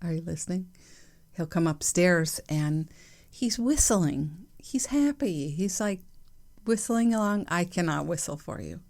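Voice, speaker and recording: A woman hosting her own podcast, talking candidly and reflectively in a chatty way with soft laughs. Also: fairly low pitch, normal speed. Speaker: podcast host. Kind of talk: reflective solo podcast monologue.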